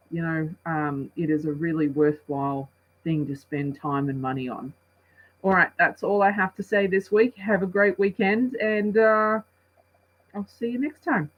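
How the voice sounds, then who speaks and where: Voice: medium pitch, animated, normal speed. Chatty movie reviewer, dull lo-fi sound. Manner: rambling, chatty, with many restarts and acted-out asides. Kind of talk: casual spoken review.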